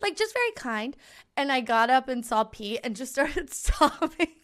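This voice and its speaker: A woman's voice: sits high, moderate pace. A young adult woman co-hosting a podcast, telling stories casually and acting out what people said. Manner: chatty storyteller, animated quoting. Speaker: podcast co-host. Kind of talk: casual chat.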